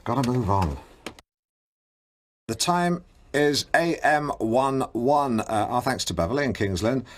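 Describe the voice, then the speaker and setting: A man's voice: medium pitch, expressive, unhurried. A man hosting a comedic radio show in a studio, pompous and often stumbling over his words. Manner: pompous, fumbling, stammering. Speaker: radio host.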